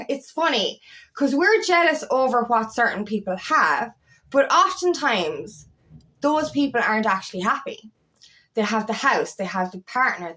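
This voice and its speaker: A woman's voice: fairly high pitch, pushed and bright. A young adult woman coaching viewers in casual talk to camera, blunt and heated, swearing often as she rants. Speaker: feminine empowerment coach.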